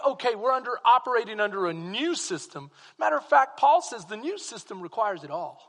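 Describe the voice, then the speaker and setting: A man with a Texan accent preaching a sermon as pastor, swinging from quiet asides to fervent exclamations. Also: very high-pitched, sing-song, moderate pace, big-room sound.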